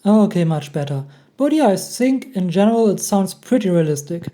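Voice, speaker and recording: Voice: mid-range voice, big pitch swings, moderate pace, dark tone. A tutorial host talking casually while walking through a program on screen, thinking aloud as they click through the menus.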